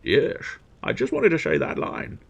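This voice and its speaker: A man doing a drawling impression of a gruff older Scottish film star, with a gravelly voice. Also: mid-range voice, wildly swooping pitch, a little slow, heavily acted. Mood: mock-polite.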